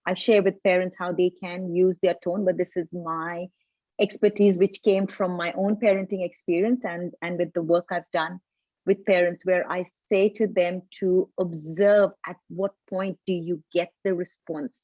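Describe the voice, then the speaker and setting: A woman's voice: lowish voice, steady tone, normal speed, no echo, muffled recording. A woman in her forties, a parenting coach, explaining earnestly in a casual live video chat, often restarting her sentences. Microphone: video call.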